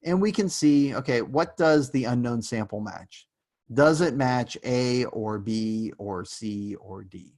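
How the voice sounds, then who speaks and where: A man's voice: mid-range voice, lively intonation, slow, a little mellow. Casual, joking male lecturer. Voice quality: casual, joking, rambling with fillers. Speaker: university lecturer. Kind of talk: online lecture.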